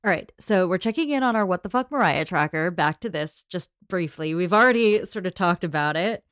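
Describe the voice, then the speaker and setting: A lower-pitched woman co-hosts a podcast, steering a casual book discussion from one question to the next. Her voice is smooth and clear. The recording is dry and close-miked. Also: animated, brisk, a bit bright, no echo. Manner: leads the segments, organized and talkative. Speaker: podcast co-host.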